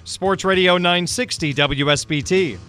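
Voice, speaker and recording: Brisk sports radio host, man. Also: high-pitched, pushed and bright, soft background music. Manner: brisk broadcast delivery, reading scores and plugs. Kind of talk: radio sports show hosting.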